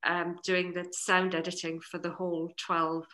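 A woman with a North East English accent, a novelist chatting casually in an interview, animated and full of restarts. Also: fairly low pitch, unhurried. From North East England. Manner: animated, many restarts and "you know"s. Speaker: novelist guest.

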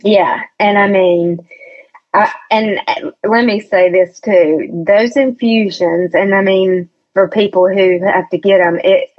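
This podcast guest is a woman whose mid-range voice moves at a slow pace with fairly even intonation. She tells a personal story in a chatty, hesitant manner with frequent restarts, casual storytelling captured on a dull lo-fi recording.

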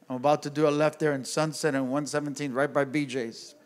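A male pastor telling a story in a casual, animated way to a men's group at church, talking straight to his listeners. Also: a little high, fairly quick. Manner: animated, conversational, addresses the audience directly. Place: church gathering room.

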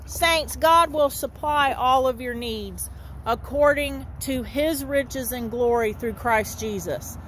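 High-voiced, slow woman preaching. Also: fairly bright tone, slight background noise. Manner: folksy, repetitive, keeps calling the listeners "saints". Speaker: street minister. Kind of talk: informal outdoor sermon. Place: outdoors in a dry horse lot.

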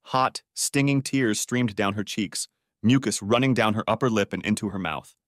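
A man's voice: lowish voice, moderate pace, no room sound. A man narrating a dramatic audiobook story in a scripted reading, on a close studio mic.

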